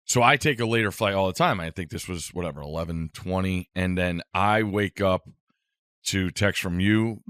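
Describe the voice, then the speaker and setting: A man's voice: deep voice, moderate pace, a bit bright, smooth, dry recording, clean studio sound. A man co-hosting a podcast, telling a rambling, self-amused travel story in casual chat.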